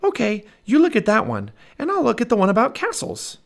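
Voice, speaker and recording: A man's voice: fairly quick, gravelly, heavily acted. A man doing a squealing eager little girl. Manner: high, squealing and excited. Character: excitable young girl, bold and eager.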